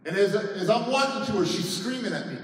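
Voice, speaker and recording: A man's voice: sits high, brisk, far from the mic. A man giving a motivational talk at a conference, telling a personal story dramatically and acting out the lines of others. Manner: dramatic storyteller, acting out quotes, shouting at peaks. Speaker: motivational speaker. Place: large conference hall. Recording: echoey hall, mic heard from afar.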